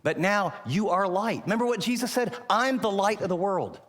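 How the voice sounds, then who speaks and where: A man preaching a sermon, emphatic, asking rhetorical questions and moving between loud and hushed delivery. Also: high-pitched, expressive, moderate pace, big-room sound. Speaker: pastor.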